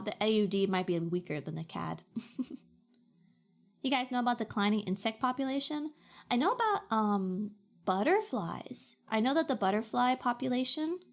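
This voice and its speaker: A young adult woman streamer from Canada, chatting playfully and reacting to her chat. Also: medium pitch. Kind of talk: casual chat.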